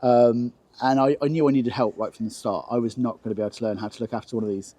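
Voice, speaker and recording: Mellow-voiced English man telling stories. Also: fast. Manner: animated anecdotes, jumps high for acted quotes. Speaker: car owner guest. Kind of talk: casual storytelling interview.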